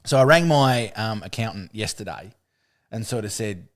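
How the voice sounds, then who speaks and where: Lively-pitched Australian man, rambling co-host. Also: moderate pace. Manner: rambling with fillers and swearing. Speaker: podcast co-host. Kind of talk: casual chat.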